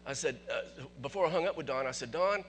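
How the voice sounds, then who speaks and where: A man pastor telling a personal story in a sermon in church, chatty at first and rising to excited preaching. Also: medium pitch, fast, slight background noise. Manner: conversational, builds to excited preaching.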